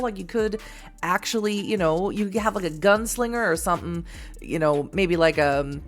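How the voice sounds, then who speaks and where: An American woman from the Boston area who reads a text game aloud and chats with viewers in a rambling, laughing way. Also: mid-range voice. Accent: General American. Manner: chatty and rambling, often laughing at her own asides. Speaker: streamer reading an interactive novel aloud.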